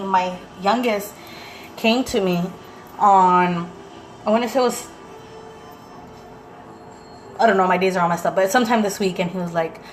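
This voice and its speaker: A woman in her thirties, a mother vlogging at home in a casual, animated chat, slipping in Spanish phrases now and then. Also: medium pitch, echoey room, a little hiss or hum, rough recording.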